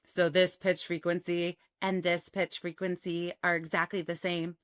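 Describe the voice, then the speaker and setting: A female voice coach gives an instructional talk, demonstrating techniques in a clean, clearly phonated voice while shifting her resonance and cadence. Her voice is lowish with little pitch movement, her delivery unhurried, and the studio-quality audio has no echo.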